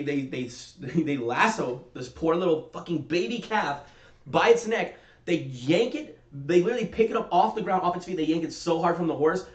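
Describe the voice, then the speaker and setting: A man's voice: a little high, dull audio. A man on a podcast ranting through a story, swearing a lot and getting heated. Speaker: podcast co-host. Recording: roomy echo.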